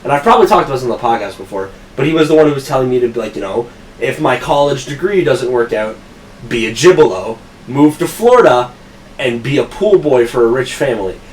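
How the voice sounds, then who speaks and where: A man's voice: mid-range voice, animated, brisk, far from the mic, slight background noise, poor audio. A young man hosting a podcast who tells long, rambling work stories full of swearing and laughs at his own punchlines. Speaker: podcast host. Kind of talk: casual storytelling chat.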